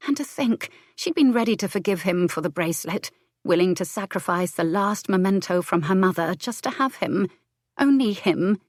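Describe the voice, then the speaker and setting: A woman with a voice lowish for a woman narrates a historical romance audiobook in a measured, expressive way. The recording is close and dry, with no echo.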